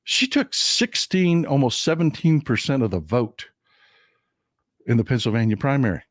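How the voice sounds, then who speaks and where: A man from Texas hosting a livestream of political commentary, getting over a cold, talking in an animated, indignant way and repeating phrases for emphasis. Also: mid-range voice, moderate pace, dry recording, studio quality. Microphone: desk mic at a computer for a livestream.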